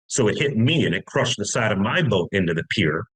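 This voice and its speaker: A man's voice: fairly low pitch, very animated, a little fast, fairly bright tone, slightly rough, rough recording. A middle-aged American man telling a long story in casual talk, long-winded with many restarts. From United States. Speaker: podcast guest.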